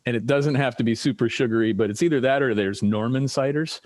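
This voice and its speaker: A man in casual chat over drinks, telling rambling stories with lively quoted voices as a podcast guest. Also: medium pitch, quick pace, no echo.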